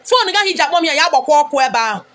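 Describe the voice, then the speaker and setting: High-pitched Nigerian woman ranting loudly. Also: expressive, racing. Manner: loud, scolding and insulting, sudden high outbursts; wears a wig on camera. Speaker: vlogger. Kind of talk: ranting vlog monologue.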